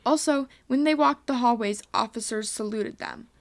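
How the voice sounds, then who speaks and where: A woman's voice: a little high, normal speed. Woman reading a story aloud.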